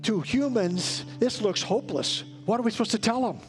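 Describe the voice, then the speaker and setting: A man's voice: high-pitched, expressive, normal speed, faint music behind. A man preaching a sermon as a pastor in church, telling a story earnestly and building to emphatic peaks. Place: church sanctuary.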